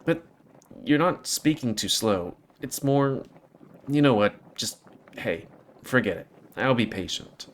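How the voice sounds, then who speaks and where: A man reading a visual novel aloud with an expressive delivery and hesitant, stumbling asides. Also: mid-range voice, slow, a little hiss or hum.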